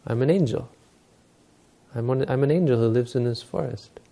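A man's voice: medium pitch, moderate pace, gravelly, warm tone, natural voice. A man voicing a naive, earnest forest angel who chats eagerly within a spoken story. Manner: eager, chatty explanation.

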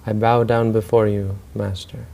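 A man's voice: fairly low pitch, level tone, normal speed, vocal fry, dark tone. A man doing an earnest city friend.

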